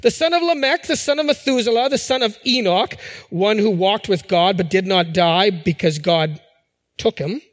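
A man's voice: high voice, normal speed. A middle-aged man preaching a sermon, talking conversationally with fillers and restarts. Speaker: pastor. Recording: long hall reverb.

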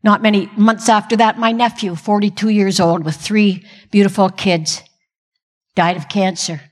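A woman's voice: mid-range voice, flat delivery, moderate pace, big-room sound. An older woman giving a humorous, self-deprecating Christian talk from a stage with comic timing. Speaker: Christian speaker. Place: stage in a large hall.

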